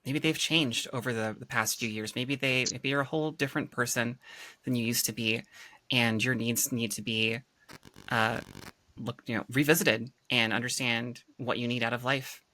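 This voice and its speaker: Bright-voiced woman, playful podcast chat. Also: a bass voice, fairly even intonation, moderate pace. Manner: rambling, laughs often, playful. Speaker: podcast co-host. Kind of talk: casual group chat.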